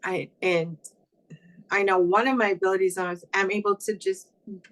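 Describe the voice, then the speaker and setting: A woman's voice: mid-range voice, fairly even intonation, normal speed, fairly bright tone, poor audio. A woman in casual conversation, rambling and full of fillers like "you know" and "um". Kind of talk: casual chat.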